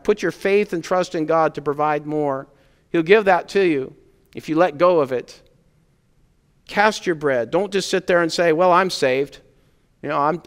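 A man preaching a sermon as pastor to his congregation, earnestly building emphatic points and then dropping to a quiet tone. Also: on the high side, smooth. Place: church sanctuary. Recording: long hall reverb.

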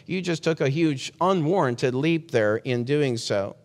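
A man's voice: on the high side, lively intonation, normal speed, few pauses, long reverb tail. A man preaching a sermon in an earnest, conversational way, often restarting his sentences.

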